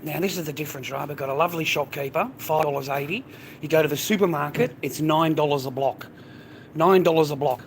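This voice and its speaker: Blunt, profane older Australian man. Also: fairly high pitch. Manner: blunt, profane, peppers talk with "mate" and "bro". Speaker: livestreamer. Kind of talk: casual street livestream rant. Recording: noisy outdoor phone stream.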